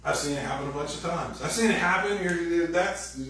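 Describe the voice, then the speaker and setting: A man's voice: a little high, a little fast, a bit bright, a little hiss or hum. Male pastor, casual and joking, acts out quoted voices; distant mic in a very echoey hall. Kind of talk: sermon. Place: church sanctuary.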